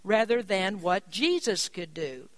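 A preacher giving a sermon, stressing key points by rising in pitch and volume and slowing down on important words. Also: lively intonation, no room sound. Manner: slows down to drive words home.

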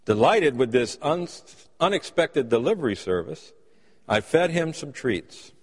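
A man preaches a sermon in a church sanctuary, his voice carrying a long hall reverb. He speaks at a middle pitch and tells folksy stories, acting out the quotes in them. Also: big pitch swings, a little slow, breathy edge. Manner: folksy storytelling with acted-out quotes.

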